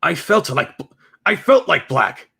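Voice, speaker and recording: A man's voice: a little high, big pitch swings, a little slow, creaky, pushed and bright, husky, pitched above the performer's own voice, heavily acted. A man voicing a young rich woman who feels trapped, speaking in an anguished, dramatic way. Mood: whiny.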